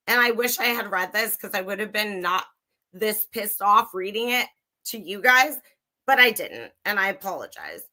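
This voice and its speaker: A woman's voice: on the high side, pushed and bright. A young woman livestreaming true crime commentary, angry, sarcastic and swearing freely as she reads and reacts. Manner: profane, sarcastic, heated.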